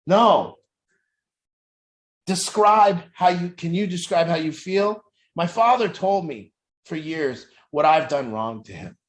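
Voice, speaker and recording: A man's voice: a little high, lively intonation, takes it slowly. A man who works as an addiction recovery coach, talking bluntly and intensely about truth in families and swearing often. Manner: profane, intense, preachy. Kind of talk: blunt motivational talk.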